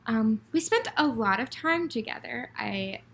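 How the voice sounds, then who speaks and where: A woman's voice: a little high, animated, unhurried, vocal fry, slight background noise. A young woman in her twenties co-hosting a podcast, telling a dating story in a gushing, giggly way, full of "like". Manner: gushing, giggly, heavy use of "like". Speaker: podcast co-host. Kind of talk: casual storytelling chat.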